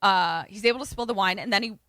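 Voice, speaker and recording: Quick-paced and medium-pitched, a woman co-hosting a podcast casually runs through a movie's plot. She gives an animated retelling, voicing the characters' lines, with no echo in the audio.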